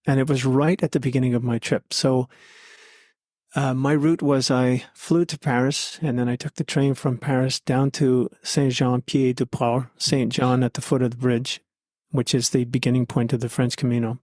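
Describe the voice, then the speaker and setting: A man speaks as a podcast guest, recounting his experiences in an earnest, heartfelt way. His voice sits at an ordinary middle pitch. The sound is dry and close, with no room echo. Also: little pitch movement, normal speed, a little mellow. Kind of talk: conversational storytelling.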